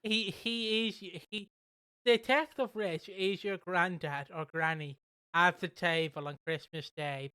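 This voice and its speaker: Bright, crisp co-host voice. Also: medium pitch, fairly even intonation, a little slow, no room sound. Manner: giggly, mocking, acts out silly quoted voices. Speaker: podcast co-host. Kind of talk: casual chat reviewing a soap opera.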